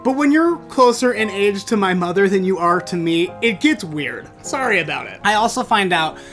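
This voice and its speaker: A man hosting a storytelling show, recounting a bad date in an animated, theatrical way that bursts into exclamations. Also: sits high, moderate pace, faint music behind. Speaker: storytelling podcast host. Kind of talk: comedic personal storytelling.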